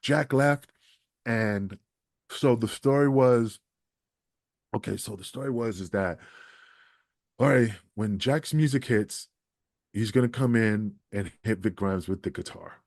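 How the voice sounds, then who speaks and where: A man with a low voice tells a profane, animated story as a podcast guest. He talks like a former wrestler looking back on his career and slips into the voices of the people he quotes. The sound is dry and close, with no room around it. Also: measured pace, vocal fry, pauses often, dry recording. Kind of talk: storytelling interview.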